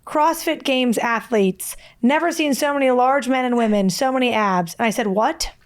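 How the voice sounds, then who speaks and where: High-voiced woman venting comically. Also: normal speed. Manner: exasperated, emphatic, comic venting. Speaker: podcast co-host. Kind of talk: casual chat.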